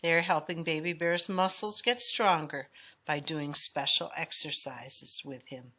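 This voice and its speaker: A woman reads a children's storybook aloud in a lowish voice. Her delivery is expressive and swings up and down the way storytelling does. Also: a little slow. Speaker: storybook reader.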